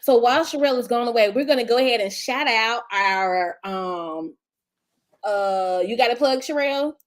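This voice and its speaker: A woman hosting a live interview show, cutting in with quick, probing follow-up questions. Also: a little high. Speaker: host.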